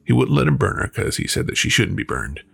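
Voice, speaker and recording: A man's voice: mid-range voice, big pitch swings, fast, creaky, a bit bright, breathy edge. A man hosting a folklore show, telling a folktale in a folksy storytelling manner and then reviewing a book. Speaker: folklore podcast host.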